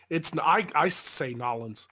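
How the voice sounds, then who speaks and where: A young man, chatting loosely on a stream, rambling and swearing, quick to laugh. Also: fairly high pitch, lively intonation, pushed and bright, husky. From Arkansas. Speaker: podcast co-host. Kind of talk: casual chat on a live stream.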